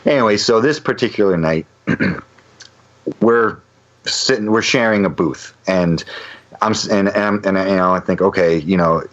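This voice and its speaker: Low-voiced man telling a road story. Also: normal speed. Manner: animated, rambling storyteller with many restarts. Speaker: guest musician. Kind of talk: casual podcast storytelling. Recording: dull lo-fi sound.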